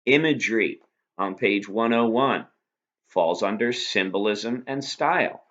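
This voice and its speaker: A man with a fairly low voice gives a recorded lesson. He talks patiently and keeps posing rhetorical questions. The recording sounds dull and lo-fi. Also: a little slow, a bit bright. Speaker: teacher. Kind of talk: recorded lecture review.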